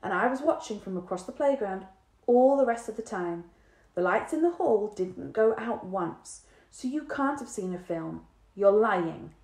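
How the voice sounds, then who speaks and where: A woman's voice: medium pitch, animated, unhurried, darkish tone. A woman voicing a curious, stubborn young schoolboy in a storybook reading, earnest and explaining. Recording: roomy echo.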